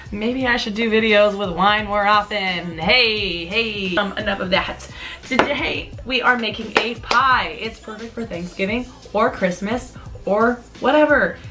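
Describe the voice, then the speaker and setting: A woman's voice: mid-range voice, a bit bright. Woman doing a casual cooking vlog in her kitchen, jokey asides, some music under it. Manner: chatty, joking asides to viewers. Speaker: cooking channel host. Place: home kitchen.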